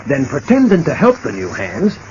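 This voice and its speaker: A stammering excitable sidekick. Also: male voice, on the high side, normal speed. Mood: chatty. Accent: Australian. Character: excitable working-class male sidekick, talkative. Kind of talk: 1940s radio acting. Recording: dull old radio transcription with faint hiss.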